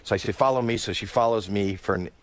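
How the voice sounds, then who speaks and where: A male comedian telling a comic story, dropping his voice low for quoted lines and squealing when excited. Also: fast talker. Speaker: guest comedian.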